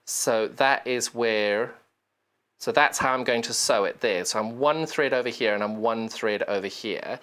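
This unhurried, fairly bright mid-range voice belongs to a shopping channel presenter demonstrating sewing live on TV. Chatty and self-deprecating, she walks through the process step by step while working, addressing the machine as she goes.

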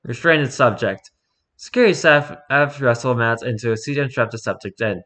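A man reading a horror document aloud in an even, report-like narration. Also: mid-range voice, moderate pace. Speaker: reader.

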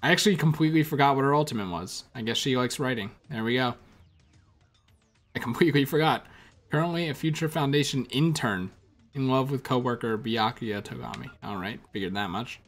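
A man's voice: medium pitch, fairly quick, fairly bright tone, faint music behind. Man casually reading game text aloud. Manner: reads menu text aloud with casual, wry asides. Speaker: let's play gamer. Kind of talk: casual gameplay commentary.

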